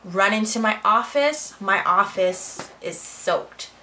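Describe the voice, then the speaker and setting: A woman's voice: medium pitch, expressive, slow pace, sharp tone, a little hiss or hum, low-quality recording. A young adult woman in a casual storytime vlog, chatting animatedly from her home office and acting out quoted dialogue. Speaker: vlogger.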